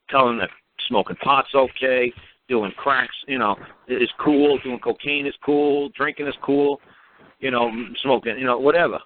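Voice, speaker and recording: A man in his fifties calls in to a talk show and tells a long, rambling story. He acts out the lines of the people he quotes. His mid-pitched voice comes through a tinny phone line with faint background noise. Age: 50s. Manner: rambling, animated retelling with quoted dialogue. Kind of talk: casual storytelling monologue.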